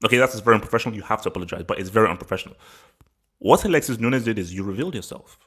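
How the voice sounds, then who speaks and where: A man's voice: fairly low pitch, expressive, rapid-fire, a bit bright, breathy edge. Rambling male football vlogger. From England. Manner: rambling, repeats words, laughs often. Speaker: football channel host. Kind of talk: casual opinion vlog.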